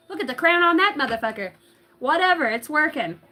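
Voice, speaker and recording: A woman's voice: sits high, expressive, brisk, bright, forceful tone. A woman doing a casual livestream tarot reading, giggly and rambling, cussing freely. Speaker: tarot reader.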